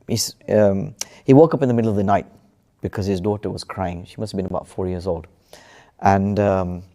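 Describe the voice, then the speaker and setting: A man's voice: fairly low pitch, warm tone. A man telling a true story as a podcast guest, hesitant, with many fillers and restarts. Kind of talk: casual storytelling in conversation.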